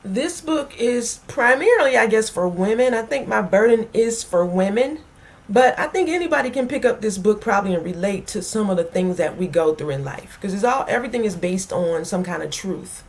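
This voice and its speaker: A woman's voice: medium pitch, expressive, moderate pace. A woman author on a talk show, speaking in an earnest, heartfelt way about faith and forgiveness. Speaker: author guest.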